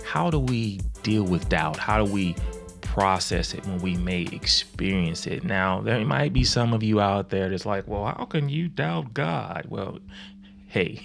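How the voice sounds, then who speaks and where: Gravelly low-voiced man teaching. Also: unhurried, fairly bright tone, faint music behind. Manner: conversational, with many fillers and acted-out quotes. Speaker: youth minister teaching on faith. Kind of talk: casual video teaching.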